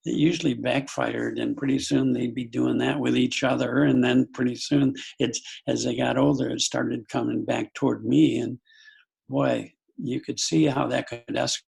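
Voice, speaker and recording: A husky, gravelly older man speaks as a psychologist guest in a podcast conversation. He reflects on family life through anecdotes, often stopping to restart a thought. The delivery is thoughtful and unhurried. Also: medium pitch, fairly even intonation, a little mellow.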